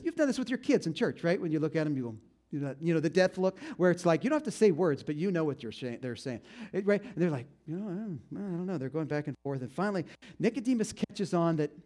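A man preaching a conversational sermon, retelling a story with lively animation and speaking straight to his congregation. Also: a little high. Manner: animated, talks straight to the congregation, frequent "you know". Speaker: pastor.

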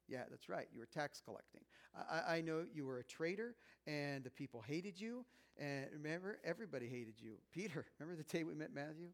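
Jesus, a preacher voicing an earnest teacher coaxing his disciples. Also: fairly high pitch. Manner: conversational, coaxing, repeats "remember". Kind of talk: sermon retelling.

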